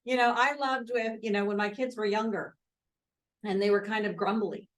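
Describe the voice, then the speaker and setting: A woman host talks in a relaxed, conversational way, telling little stories from everyday life. Her pitch is middle of the range and her delivery is easygoing and chatty. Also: normal speed. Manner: chatty, anecdotal storyteller. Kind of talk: casual chat.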